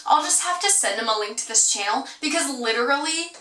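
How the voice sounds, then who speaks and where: A woman's voice: high voice, lively intonation, a little fast, bright, forceful tone. A young adult woman vlogging in casual chat, rambling, giggly and playfully sarcastic. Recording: roomy echo, mic at a distance.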